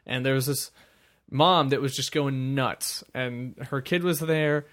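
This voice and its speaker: A man chatting casually as a podcast co-host, telling an animated story and slipping into impressions. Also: measured pace. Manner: animated storyteller, jumps into shrill impressions of people. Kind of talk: casual chat.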